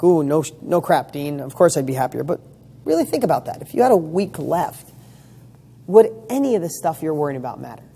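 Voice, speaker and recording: A motivational speaker fires off rhetorical questions with emphatic, casual delivery and the odd swear word. His voice is fairly high, creaky and dark in tone.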